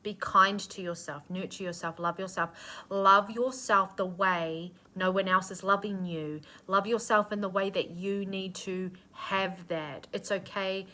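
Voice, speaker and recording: Slow, nurturing New woman reader. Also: medium pitch, fairly even intonation, pushed and bright. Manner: earnest and nurturing, with casual swearing. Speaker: intuitive reader. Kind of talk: channeled spiritual reading.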